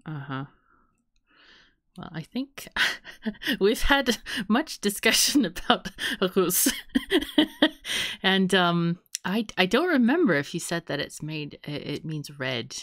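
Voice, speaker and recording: A woman hosts a laid-back podcast, playful and quick to laugh. She talks slowly with a wildly swooping pitch, on a dry, close recording with a lowish voice. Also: big pitch swings, fairly bright tone, no echo. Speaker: podcast host. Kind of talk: casual podcast chat.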